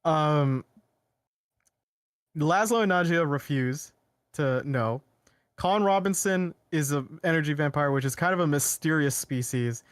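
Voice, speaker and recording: A man co-hosting a casual podcast, excitedly retelling a show's plot with frequent laughs and rambling asides. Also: a little high, unhurried, clean tone, no room sound, studio quality. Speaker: podcast co-host. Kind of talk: casual chat.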